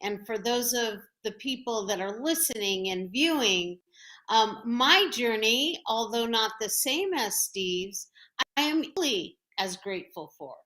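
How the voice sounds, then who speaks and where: A woman hosting a talk show, speaking in a measured, heartfelt way with pauses as she shares her own experience. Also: a little high, lively intonation, bright, forceful tone. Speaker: host.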